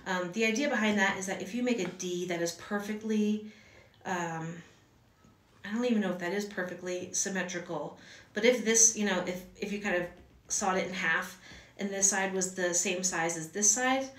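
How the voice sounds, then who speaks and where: Her voice is medium-pitched and fairly bright, at a normal speed, picked up by a distant mic. As a hand-lettering teacher at home, she gives an informal lesson full of rambling, fillers and restarts, her off-mic voice echoing around the room.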